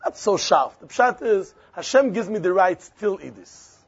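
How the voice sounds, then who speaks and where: High-pitched Yiddish-inflected teacher. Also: male voice, moderate pace, husky, lo-fi sound. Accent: Yiddish-inflected English. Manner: animated, repetitive, sing-song argument with frequent questions. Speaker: Talmud teacher. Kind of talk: Talmudic lesson.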